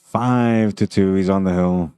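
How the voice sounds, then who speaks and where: This commentator has a deep, clear, resonant voice and a measured pace, captured in studio quality with no echo. He chats casually on a live pool tournament stream from the venue, laughing a lot and reading viewer comments between shots.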